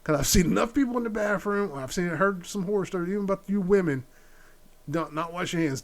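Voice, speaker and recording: A man's voice: sits high, animated, brisk. A middle-aged man hosting a solo opinion podcast, blunt and exasperated, repeating his points. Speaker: podcast host.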